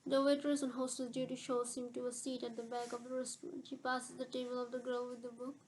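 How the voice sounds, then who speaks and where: A woman narrating a novel as an audiobook, reading in a measured, steady way. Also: a little high, a little hiss or hum, rough recording.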